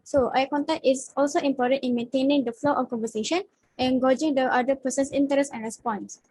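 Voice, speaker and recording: A woman's voice: high voice, steady tone, fast, a little mellow, husky, low-quality recording. A young woman student giving a class presentation over a video call, speaking hesitantly with many fillers and restarts. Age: young adult.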